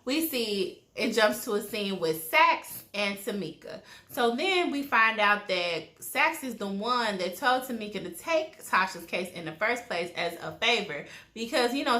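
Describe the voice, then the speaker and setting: Bright-voiced woman, gossipy and profane episode recap, roomy echo. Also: mid-range voice, unhurried, few pauses. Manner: blunt, profane, animated storytelling with quoted asides. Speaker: TV recap vlogger.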